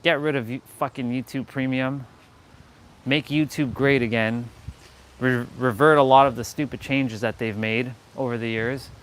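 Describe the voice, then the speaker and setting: A man's voice: mid-range voice, fairly even intonation, normal speed. Rambling, joking man on a fitness livestream. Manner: rambling, joking, loose and chatty. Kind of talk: casual livestream chat.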